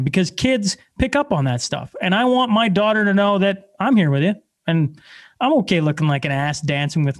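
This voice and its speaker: High-voiced, blunt, energetic man. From Canada. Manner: energetic, blunt, self-deprecating storyteller. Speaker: podcast guest. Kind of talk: casual conversation.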